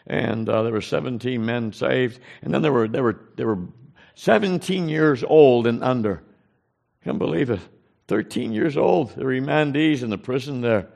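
A man's voice: medium pitch, creaky, a little mellow. A man giving an informal mission report to a congregation. He tells earnest stories, often repeats phrases and restarts his sentences.

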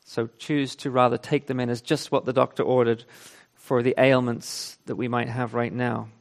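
Man, pastor, sermon, earnest, emphatic scripture reading, conversational preaching, medium pitch. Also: level tone, moderate pace, gravelly.

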